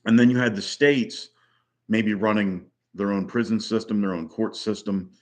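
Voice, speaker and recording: Older guy ranting, low voice, lots of ums and restarts, opinionated. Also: steady tone, moderate pace. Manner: rambling, opinionated, many "um"s and restarts. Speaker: vlogger. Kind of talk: solo opinion rant.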